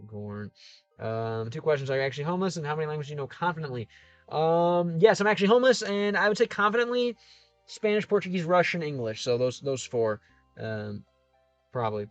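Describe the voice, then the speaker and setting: An Ohio streamer chats casually on a livestream, reading viewer comments aloud and answering them while thinking out loud with plenty of fillers and restarts. His pitch is fairly high, and the audio is dull with no room sound.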